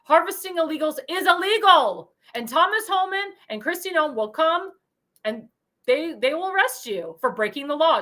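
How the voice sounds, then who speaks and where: A woman's voice: high voice, big pitch swings, normal speed, sharp tone. A woman hosting a political commentary show, speaking in an indignant, emphatic way and repeating phrases for emphasis. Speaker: host.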